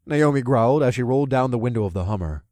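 A man narrating a first-person action audiobook with lively, expressive delivery. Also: mid-range voice, fast, no room sound, clean studio sound.

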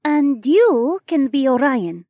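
A woman voicing a curious young female alien who speaks slowly and literally in an audiobook. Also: sits high, big pitch swings, mellow, dry recording, studio quality, exaggerated voice. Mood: thoughtful. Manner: slow, careful, stilted speech. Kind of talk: audiobook character voice.

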